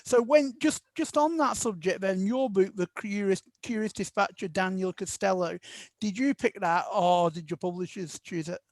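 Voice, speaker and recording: A man with a notably high voice hosts a relaxed book club conversation. He asks his guests friendly questions and tends to repeat words as he goes. The sound is close and dry. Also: normal speed, no room sound. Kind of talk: casual chat.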